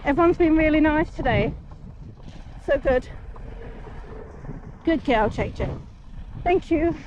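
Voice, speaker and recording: A woman's voice: high voice, expressive, takes it slowly. Chatty woman riding in traffic. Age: 40s. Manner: chatty, soothing her horse, thanking passing drivers. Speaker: horse rider vlogger. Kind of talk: casual story-time chat while riding. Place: outdoors on horseback on a busy road. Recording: muffled outdoor recording, traffic noise. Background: passing traffic.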